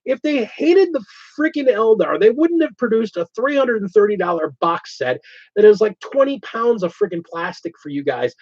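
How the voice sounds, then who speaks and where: A man hosting a casual hobby chat show, talking in an animated, ranting way. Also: sits high, moderate pace. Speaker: host. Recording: dull lo-fi sound.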